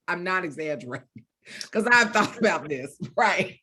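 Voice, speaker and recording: Woman in her 50s, deep voice, tells stories lively, acts out the dialogue, laughs a lot. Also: measured pace. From Deep South, US. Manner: animated storyteller, acts out quoted dialogue, laughs often. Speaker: author guest. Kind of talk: storytelling in a virtual book event chat.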